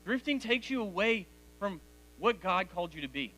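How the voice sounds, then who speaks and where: In a church hall, a man in his forties addresses a teenage audience as "guys" during a direct, conversational youth sermon. His high-pitched voice is bright, forceful and expressive, at a normal speed.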